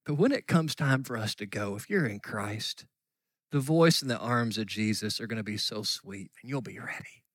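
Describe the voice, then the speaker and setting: A middle-aged man preaching a sermon, telling a story earnestly and dropping at times to soft near-whispers. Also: on the low side, lively intonation, normal speed, no room sound. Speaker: pastor.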